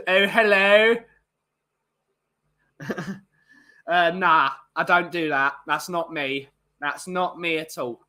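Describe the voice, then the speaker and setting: A man rambles casually through a live stream, full of ums and uhs. His voice sits fairly high for a man and sounds bright and forward. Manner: rambling, chatty, many fillers.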